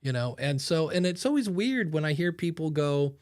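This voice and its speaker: A man's voice: on the high side, moderate pace, no room sound, clean studio sound. A man hosting a podcast, chatting casually and acting out the voices in his stories. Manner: animated storyteller acting out quotes. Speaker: podcast host. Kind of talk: casual conversation.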